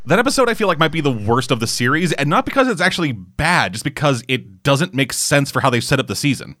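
A man co-hosting a casual podcast, ranting with heavy swearing in an animated way. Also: fairly high pitch, fast, dry recording, studio quality. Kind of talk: casual chat.

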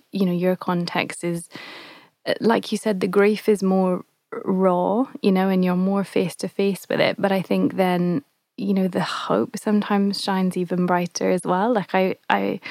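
A woman's voice: medium pitch, darkish tone, no echo. A woman hosting a podcast interview, thoughtful and searching for her words as she asks questions. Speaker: podcast host. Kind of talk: casual interview chat.

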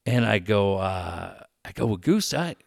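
A middle-aged man telling radio stories in casual chat, animated and profane, laughing often. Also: fairly low pitch, measured pace, gravelly, no echo, clean studio sound.

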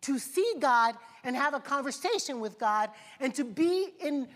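Woman preacher, kinda high voice, repeats lines in a rhythm, big echoey church. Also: lively intonation, moderate pace, a bit bright. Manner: preaching with rising, rhythmic repeated phrases and questions to the congregation. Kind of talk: sermon. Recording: long reverb of a large hall.

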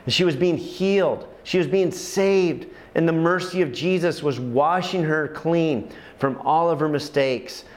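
Passionate preacher with a fairly high voice. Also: male voice, measured pace, few pauses. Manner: passionate storytelling preacher, repeats phrases for emphasis. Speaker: pastor. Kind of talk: sermon.

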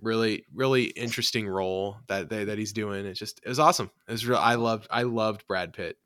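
A man hosting a casual movie podcast, animated and laughing often, restarting his sentences. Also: fairly low pitch, brisk, no room sound, clean studio sound. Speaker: podcast host.

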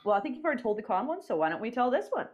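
A woman's voice: a little high, big pitch swings, rapid-fire, dull audio. A woman hosting a podcast interview, asking questions in a teasing, playful manner. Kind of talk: casual chat, asking questions.

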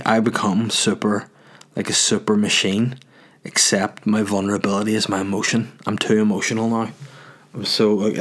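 A man in his thirties, a stand-up comedian, chatting casually while answering viewer questions, swearing freely and ranting with self-mocking humor. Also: on the low side. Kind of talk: casual chat.

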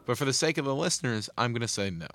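A man's voice: medium pitch, expressive, rapid-fire, fairly bright tone. A man co-hosting a casual podcast, cracking jokes and teasing his co-host. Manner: joking, teasing interjections.

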